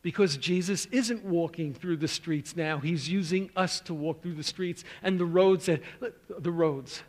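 A man's voice: on the high side, a little slow, few pauses. Man preaching in a reverberant hall. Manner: storytelling, swings from loud to hushed. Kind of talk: sermon.

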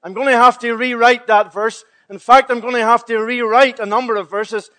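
A preacher playing God, matter-of-fact. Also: male voice, extremely high pitch, fairly even intonation, normal speed, pushed and bright. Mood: dismissive. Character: God, male, revising scripture, dismissive.

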